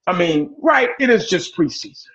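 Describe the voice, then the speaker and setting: A man's voice: high voice, sing-song, normal speed, gravelly, a bit bright. A man on a sports talk panel, rambling and impassioned, cursing and repeating his points. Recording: dull lo-fi call audio.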